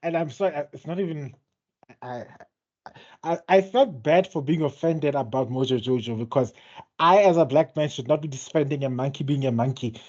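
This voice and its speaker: Halting man, lo-fi sound. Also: fairly high pitch, a little mellow. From South Africa. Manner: halting, many restarts and filler. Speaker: podcast co-host. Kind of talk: casual chat reviewing a TV show.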